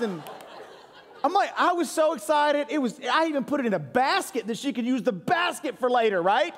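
A man preaches in a high voice. He jokes with his congregation and tells stories about home life. His voice rings with a long reverb through the church sanctuary. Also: big pitch swings, normal speed. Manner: joking, crowd-engaging storytelling. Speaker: pastor. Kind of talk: sermon.

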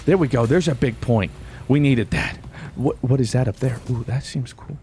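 A man giving casual gameplay commentary as a YouTuber, excitable, yelping and talking to himself as he plays. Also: mid-range voice, moderate pace, a little hiss or hum. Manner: excitable, yelps and exclaims, talks to himself. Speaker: gaming YouTuber.

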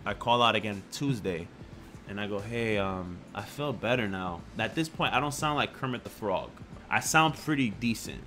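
A man's voice: fairly low pitch, normal speed, soft background music. Slangy man telling a story casually. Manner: animated, slangy and crude, says "yo" and "bro". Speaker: vlogger.

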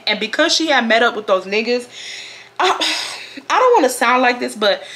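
A young woman from Houston tells a casual storytime with a lively, swooping voice. She has a bright, somewhat high tone and acts out each person in the tale with big animated shifts. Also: moderate pace. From Houston, Texas. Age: 20s. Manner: animated, acts out quotes with big laughing outbursts. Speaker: vlogger.

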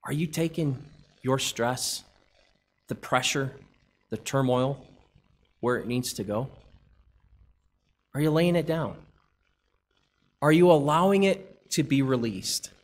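A man's voice: medium pitch, takes it slowly, long pauses. A man preaching a church sermon, asking a string of rhetorical questions and reading scripture aloud. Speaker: pastor.

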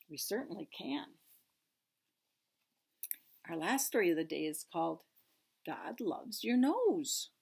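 A woman leading a church story time, gently asking small children questions and reading picture books aloud. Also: on the low side, husky. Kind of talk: picture-book read-aloud for toddlers.

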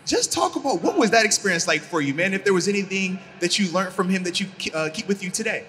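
A man's voice: high voice, expressive, fast, fairly bright tone, a little hiss or hum. A man hosting a casual interview, asking questions in an enthusiastic, encouraging way. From United States. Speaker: host and interviewer.

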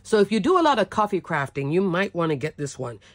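A woman's voice: lowish voice, sing-song, fast talker, no room sound. Chatty woman demonstrating cardmaking. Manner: chatty, enthusiastic, often ends with "okay?". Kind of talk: craft product tutorial.

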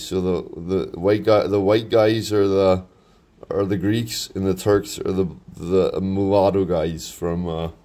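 A man with a lowish voice talks through a sketchbook page by page. He rambles loosely, trailing off with fillers and restarting sentences as he goes. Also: warm tone. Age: 30s. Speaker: artist showing his sketchbook. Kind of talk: casual rambling commentary.

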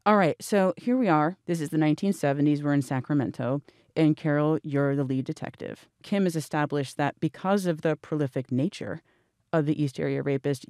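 Mellow-voiced woman podcast host. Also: deep voice, no room sound, studio quality. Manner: framing questions, scene-setting. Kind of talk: podcast interview.

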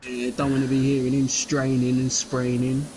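A man's voice: mid-range voice, completely flat delivery, moderate pace, darkish tone, a little hiss or hum. A young man chatting casually and joking with a friend while gaming on a live stream. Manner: joking, laughing, slangy banter.

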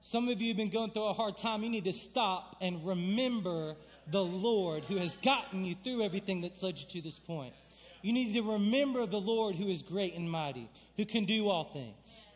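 A man's voice: high voice, animated, moderate pace, long reverb tail. A young man preaching a sermon in a church, conversational and emphatic, building to fervent calls. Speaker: pastor. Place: church sanctuary.

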